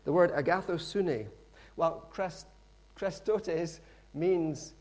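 Middle-aged preacher guy telling a story, chatty asides, voice a bit on the high side. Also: slow. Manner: lively storytelling, acts out characters, conversational asides. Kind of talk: sermon.

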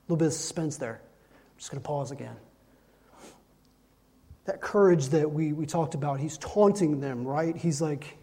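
A man's voice: on the high side, a little slow, long pauses, warm tone. A man preaching a sermon, emphatic and repeating lines to drive his points home. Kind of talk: sermon with Bible reading.

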